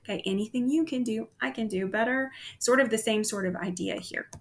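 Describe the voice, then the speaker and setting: A woman's voice: fairly high pitch, fairly quick. A woman teacher giving a casual literature lecture, with frequent "um"s and "okay?" check-ins to the class.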